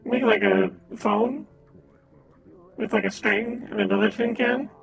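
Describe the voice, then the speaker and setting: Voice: mid-range voice, a little slow, vocal fry, background noise. A streamer in a game roleplay, speaking as an easygoing merchant with chatty, musing talk. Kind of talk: in-character roleplay chat. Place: online voice chat game world. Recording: busy crowd of players behind.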